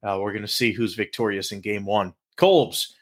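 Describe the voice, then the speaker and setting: A man hosts a sports talk show in a fairly low voice at a moderate pace. He's playful and animated, stretching out his hype calls and joking around with his co-host.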